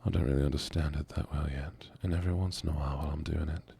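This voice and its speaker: Speaking to chat while he plays, this male ASMR streamer puts on a Southern accent and keeps his gravelly, chest-deep voice slow and murmured. His intonation stays fairly even.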